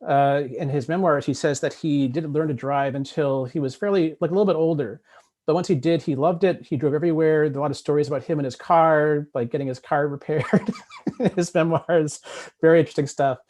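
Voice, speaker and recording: A fairly high-voiced man talks on a panel over a video call. He stops and restarts often and fills gaps with ums and "you know"s. His delivery is thoughtful and unpolished. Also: fairly even intonation, fairly quick, darkish tone. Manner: hesitant, many restarts and fillers. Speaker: author and panelist. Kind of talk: convention panel discussion.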